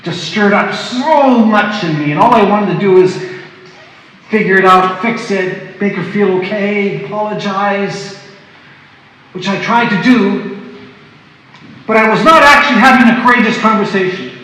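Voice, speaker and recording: A man presenting a workshop, telling a personal story in a halting, reflective way with many restarts. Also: high-pitched, bright, forceful tone, a little hiss or hum. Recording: echoey hall, voice from a distance.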